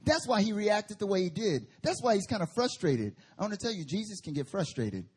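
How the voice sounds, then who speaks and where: A man preaching a sermon at a church service, telling Bible stories in an animated way with slang and humor. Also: sits high, a little fast, husky. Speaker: guest preacher.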